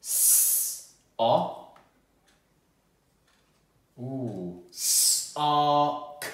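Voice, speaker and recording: A man teaching a children's phonics lesson, sounding out words slowly and cheering the children on. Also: mid-range voice, expressive. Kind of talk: home-learning phonics lesson. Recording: very echoey room.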